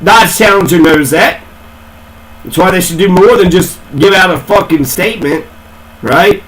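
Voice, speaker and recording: A man's voice: high voice, moderate pace, fairly bright tone, poor audio. A man ranting in a casual, rambling way, swearing a lot and repeating himself. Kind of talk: casual profane rant.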